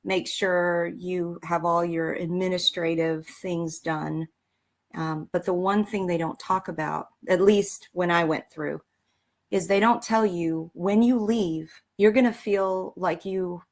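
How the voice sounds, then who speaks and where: A woman's voice: on the low side, steady tone, slow pace. A woman military veteran and author telling her story in a casual interview, rambling with many fillers and restarts.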